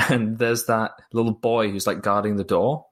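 A man's voice: on the low side, fairly even intonation, unhurried, fairly bright tone. A man talking through a film in a casual chat, thoughtful and a little hesitant, often repeating words. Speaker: film reviewer.

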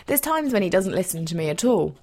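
A woman's voice: lowish voice, big pitch swings, brisk. Heartfelt woman telling a story. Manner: heartfelt, emotional, gentle. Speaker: podcast host. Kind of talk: personal storytelling monologue.

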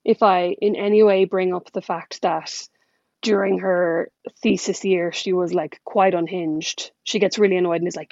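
A woman's voice: lowish voice, fairly even intonation, normal speed, gravelly, darkish tone, dry recording, highs cut off. A young adult woman from Ireland, chatting as a podcast guest in a rambling way, with fillers and laughter. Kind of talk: casual chat.

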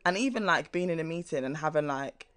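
Young man, co-host, casual chat, fast talker, slightly high voice, animated, laughs easily. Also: clean tone. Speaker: podcast co-host.

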